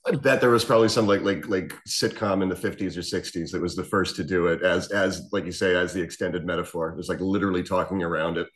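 A man's voice: low-pitched, steady tone, fast talker. A man co-hosting a podcast, musing and joking in a casual chat.

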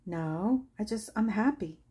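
Husky woman chatting through a craft tutorial. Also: medium pitch, lively intonation, measured pace, mellow. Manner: chatty, laughs while telling stories. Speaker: craft channel host. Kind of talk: casual craft tutorial chat.

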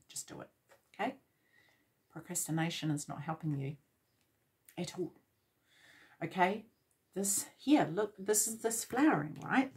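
A woman giving a tarot reading, speaking encouragingly and directly to her viewers with lots of repetition. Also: on the low side. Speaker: tarot reader.

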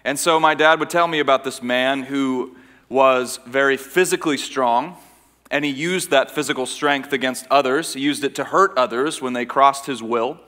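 A man raised in Austria giving a conference talk to a live audience, telling a story in an earnest, measured way with dramatic pauses. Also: mid-range voice, bright, forceful tone. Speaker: conference speaker. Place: large church hall.

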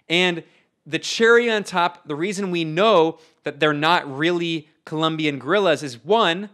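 A man's voice: a little high, a little slow, fairly bright tone. A young man giving an invited political talk, emphatic and sardonic, often restarting his phrases. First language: English. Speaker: invited speaker.

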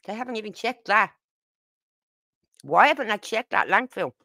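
A woman's voice: medium pitch, expressive, normal speed, bright, forceful tone, dry recording. A woman hosting a casual commentary livestream, emphatic and repeating her points. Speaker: livestream host.

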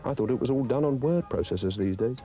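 A man's voice: medium pitch, lively intonation, fast talker, dark tone, soft background music, lightly acted. A man putting on the voice of a sweet, curious little girl asking eager, innocent questions.

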